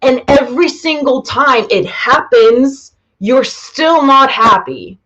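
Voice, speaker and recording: A woman's voice: high-pitched, takes it slowly, fairly bright tone, poor audio. A woman business coach talking bluntly to a live audience, swearing freely and rambling. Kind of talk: live-streamed masterclass.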